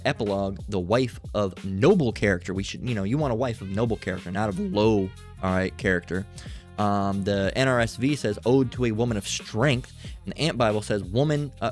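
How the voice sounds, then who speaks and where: An online preacher with a lowish voice delivers an unscripted, blunt, profane rant, reading Bible passages aloud. He keeps tagging lines with "you know" and "all right?" and often stammers and restarts.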